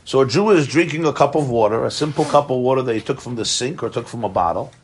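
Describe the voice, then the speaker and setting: A man's voice: medium pitch, fast talker, husky. A man teaching a Torah class, explaining ideas animatedly, chuckling often and mixing in Hebrew terms.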